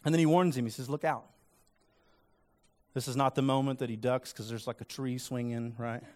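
A man's voice: mid-range voice, steady tone, fast, a little mellow. A man preaching a sermon in a conversational, earnest way, acting out quoted lines with rising emphasis. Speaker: pastor.

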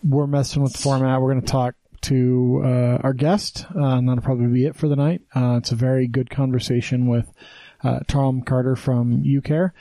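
Joking male podcast host, mellow tone. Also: medium pitch, dry recording. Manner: joking, rambling, lots of uh fillers. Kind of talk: casual podcast chat.

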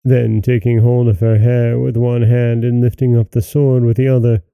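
A man narrating a fairy tale as a podcast host, in measured, even storytelling. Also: mid-range voice, vocal fry, clean tone, dry recording, narrow, tinny audio.

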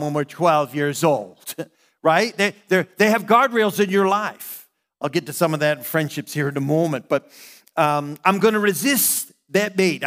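A man in his fifties from the United States, a pastor preaching a sermon and telling a personal story with earnest, animated asides. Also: high voice.

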